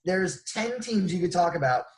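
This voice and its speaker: A man co-hosting a podcast, bantering in a casual, profane way. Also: sits high. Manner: animated, profane, quick to banter. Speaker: podcast co-host. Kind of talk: casual chat.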